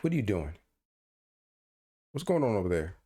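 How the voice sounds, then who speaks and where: A man's voice: lowish voice, sing-song, normal speed, mellow. A man co-hosting a casual podcast, teasing his friend with mock outrage and playful banter over a call. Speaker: podcast co-host.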